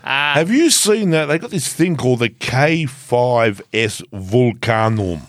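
A man's voice: mid-range voice, animated, slow, no room sound, clean studio sound. A man co-hosting a podcast, chatting casually with frequent swearing and banter. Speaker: podcast co-host. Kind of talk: casual chat.

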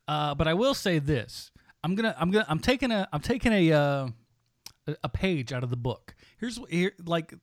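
A man's voice: a little high, no echo, studio quality. Laughing, rambling podcast co-host man. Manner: rambling, laughs often, frequent restarts. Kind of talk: casual chat.

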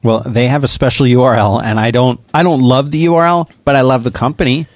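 A man's voice: mid-range voice, fairly even intonation, fast, dry recording. Chatty male podcast host doing an ad read. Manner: chatty, explaining step by step, joking. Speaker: podcast host reading a sponsor spot.

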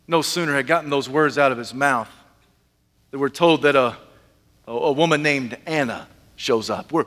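Pastor giving a sermon, a man with a high voice, animated and funny storyteller, echo of a hall. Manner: animated storyteller, humorous, dramatic. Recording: echoey hall.

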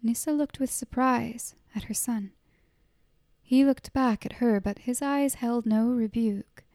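A woman reading a story aloud in a hushed, half-whispered narration. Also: a little high, a little slow, no room sound, studio quality. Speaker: audiobook narrator. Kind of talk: soft-spoken storybook narration.

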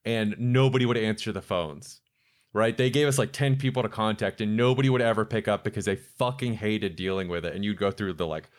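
A man co-hosting a podcast, asking curious questions and telling stories in an animated way. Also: fairly low pitch, a little fast. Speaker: podcast host. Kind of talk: casual chat.

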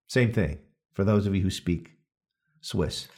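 A man's voice: low-pitched, a little slow, long pauses. A man hosting a casual podcast, reading through a study with jokes and frequent self-corrections. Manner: animated, joking, often restarts and corrects himself. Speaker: podcast host.

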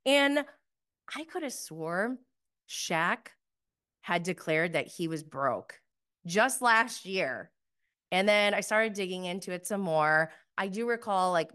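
Chatty sarcastic woman, low-pitched. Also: fairly bright tone. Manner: chatty and sarcastic, with many fillers. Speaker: podcast host recapping reality TV. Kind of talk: casual commentary.

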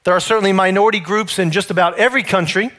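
High-voiced male pastor preaching. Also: fairly even intonation, rapid-fire, fairly bright tone. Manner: conversational storytelling preacher. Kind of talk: sermon.

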